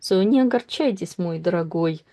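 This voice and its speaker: A woman works through a book, reading passages aloud and explaining them with careful asides. Her voice sits low and mellow, with a gravelly fry on it. She pauses and corrects herself as she goes. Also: animated. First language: Russian. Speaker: Russian language teacher.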